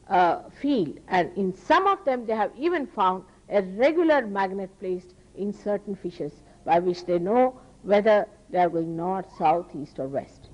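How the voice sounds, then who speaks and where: An Indian-accented woman delivers a spiritual lecture in a mid-range voice. She speaks earnestly and emphatically, leaning into moral points and pausing to restart her thoughts. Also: medium pitch, rough recording. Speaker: spiritual teacher.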